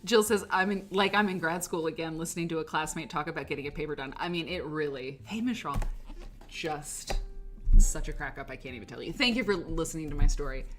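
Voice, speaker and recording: A woman's voice: low voice, fairly quick, noisy background. Chatty, rambling woman livestream host. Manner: rambling, chatty, full of "like" and laughter. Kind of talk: casual chat.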